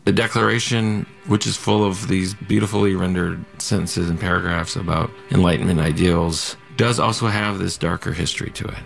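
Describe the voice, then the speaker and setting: Male, very low pitch, heavy vocal fry, thoughtful explanatory delivery. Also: fairly even intonation, normal speed, hardly any pauses, soft background music. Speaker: interviewee in a promo clip. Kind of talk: thoughtful spoken commentary.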